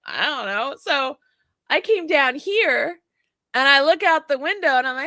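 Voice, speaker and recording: A woman's voice: high voice, measured pace, no room sound, studio quality. A woman, hosting a casual chat and telling stories with acted-out dialogue and frank swearing. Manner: animated storyteller, acts out dialogue, swears freely. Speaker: podcast host.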